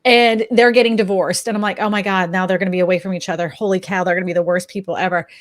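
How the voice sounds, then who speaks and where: Co-hosting a laid-back conversation, a real estate agent in her thirties tells stories with animation and performs the quotes of the people involved. She speaks at medium pitch, quickly and with few pauses, and there is no room sound.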